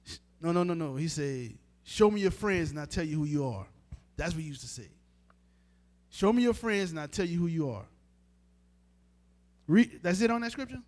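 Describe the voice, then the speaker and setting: Preaching an informal street sermon, a man speaks emphatically to the crowd in a fairly high, slightly mellow voice. His intonation is lively, his speed normal, and he pauses often.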